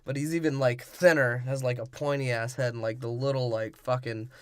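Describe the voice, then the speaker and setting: A man co-hosting a podcast, chatting casually and laughing often while doing quick mocking voices. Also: medium pitch, fairly even intonation, crowd noise. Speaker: podcast co-host. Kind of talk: casual comedic chat.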